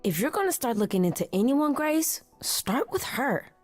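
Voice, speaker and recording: An actress voicing a grieving, devoted goddess who speaks softly and in a measured way. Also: female voice, high-pitched, big pitch swings. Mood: sorrowful. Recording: game audio with faint music beneath.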